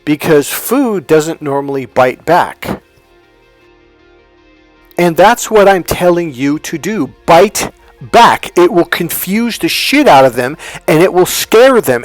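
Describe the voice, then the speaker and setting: Animated, swearing motivational man. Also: unhurried, no echo, soft background music. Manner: swings from fired-up to low and hushed, swears freely. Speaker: motivational speaker. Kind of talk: storytelling monologue.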